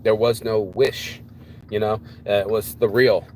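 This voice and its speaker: A man's voice: fairly low pitch, little pitch movement, measured pace, a little mellow, a little hiss or hum. A man giving a casual motivational monologue outdoors. He speaks bluntly, swears freely and hammers his points home by repeating them. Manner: blunt, profane, preachy, repeats himself. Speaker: motivational vlogger.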